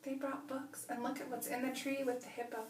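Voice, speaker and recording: Animated woman teacher reading to kids. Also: sits high, fairly quick, distant mic, slight background noise. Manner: animated, questioning, talks to the children. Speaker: preschool teacher. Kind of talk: children's story read-aloud lesson. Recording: echoey room, away from mic.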